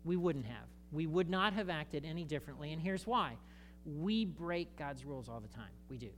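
A man preaching a sermon as a pastor, talking conversationally to the congregation with jokey asides and animated emphasis. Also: on the high side, moderate pace, a little hiss or hum.

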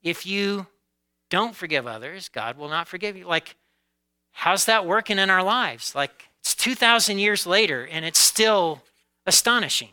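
Pastor guy giving a sermon, high bright voice, really clean and clear, chatty with lots of "okay?"s. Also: animated, rough recording. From United States. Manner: conversational preaching with frequent "okay?" and "right?" check-ins; occasional laughs, varies pace from drawn-out emphasis to quick asides.

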